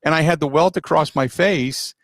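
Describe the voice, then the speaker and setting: A middle-aged man, a radio host, telling a story in a casual, animated, self-deprecating way with a gravelly voice. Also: a little high, normal speed, no room sound.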